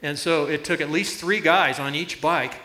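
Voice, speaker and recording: Male preacher, bright, upbeat storyteller, roomy hall sound. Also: on the high side, normal speed. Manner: storytelling with laughs and illustrations. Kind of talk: sermon. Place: church.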